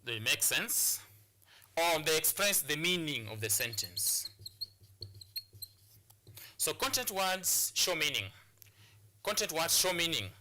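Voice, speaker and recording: A man's voice: on the high side, very animated, takes it slowly, pauses often, pushed and bright, a little hiss or hum. A man from Kenya teaching an English lesson, explaining step by step and often repeating and restarting words. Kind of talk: classroom lesson on a television channel.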